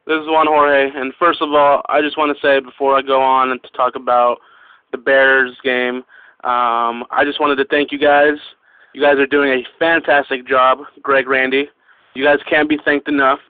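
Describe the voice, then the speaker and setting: A man calling in over a tinny phone line, his voice smooth and resonant. He speaks in a flat, even tone, sincere and grateful. The sound is dry and close. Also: mid-range voice, normal speed, no echo. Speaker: caller. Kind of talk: phone-in call.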